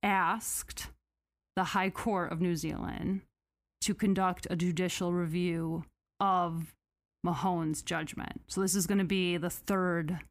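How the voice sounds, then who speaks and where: A woman hosting a podcast, retelling a story in a casual, animated, sarcastic way with mock quotes. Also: on the low side, takes it slowly. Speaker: podcast host.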